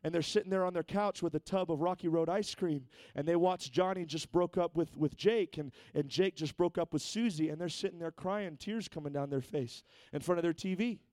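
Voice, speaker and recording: A high-pitched male preacher delivering a Pentecostal sermon. He stumbles and repeats words, swinging between chatty asides and fervent calls to worship. The sound is close and dry. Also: a little fast, hardly any pauses, a little mellow, no room sound. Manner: repeats words, builds from conversational to fervent exhortation. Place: church sanctuary.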